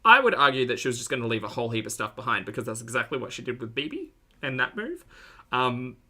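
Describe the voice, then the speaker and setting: Bright, sarcastic streamer woman. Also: very deep voice, big pitch swings, fast. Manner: sarcastic, dry asides to the chat. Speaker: commentary streamer reacting to a clip. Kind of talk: live-stream reaction commentary.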